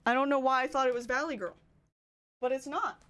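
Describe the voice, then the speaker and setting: Canadian girl streaming, kinda high voice, keeps cutting herself off and laughing at herself. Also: fairly even intonation, fairly quick, fairly bright tone, clear, resonant tone. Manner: rambling, self-interrupting, laughs at herself. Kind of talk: casual chat.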